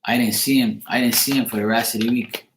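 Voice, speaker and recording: A man at a middle pitch gives a loose, rambling tarot reading to a live audience. His talk is casual, with the odd swear word and quick asides to viewers. The room around him rings with echo. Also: steady tone, noisy background. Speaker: tarot reader.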